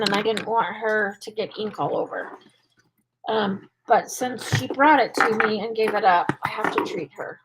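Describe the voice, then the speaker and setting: A woman's voice: a little high, background noise. A woman dog trainer hosting a casual live Q&A and answering viewer questions in a chatty way, with lots of "um" and "like". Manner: chatty, with frequent "um" and "like".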